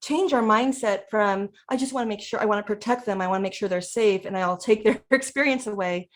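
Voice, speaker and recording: A woman's voice: mid-range voice, a little fast. A woman who is a parent and educator, talking through ideas in a casual presentation, often acting out what people say.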